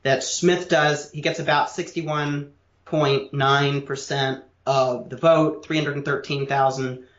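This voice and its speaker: A man's voice: fairly high pitch, little pitch movement, takes it slowly, fairly bright tone, roomy sound, lo-fi sound. A man co-hosting a podcast, explaining political history in detail with a lecturing, casual manner and frequent restarts.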